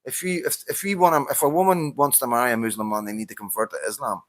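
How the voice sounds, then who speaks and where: A man's voice: medium pitch, steady tone, quick pace, no room sound. A man with a Northern Irish accent, talking to camera in a heated, casual monologue as he answers a viewer, swearing often and stumbling over repeated restarts. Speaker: vlogger answering a viewer's comment.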